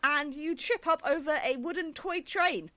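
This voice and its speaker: A young woman narrating a tabletop horror game as game master, slowing down and laughing as she builds the spooky moments. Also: high-pitched, bright, forceful tone, no echo. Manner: laughs through her narration, drawn-out for spooky effect.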